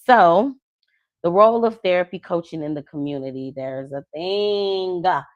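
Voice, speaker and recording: Love coach woman, low voice, dry. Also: normal speed, dry recording, highs cut off. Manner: animated storytelling, acts out quoted people; slangy, conversational. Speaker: love coach and podcast host. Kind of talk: casual podcast chat.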